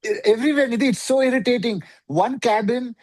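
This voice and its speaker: A man's voice: very high-pitched, fast talker, darkish tone. A man co-hosting a casual review chat, sounding exasperated and agreeing in a loose, rambling way. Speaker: co-host.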